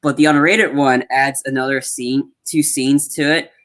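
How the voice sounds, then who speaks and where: A man's voice: medium pitch, fairly even intonation, normal speed, a bit bright. A man co-hosting a casual movie review podcast, retelling scenes at length and acting out the characters' lines. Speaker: podcast co-host.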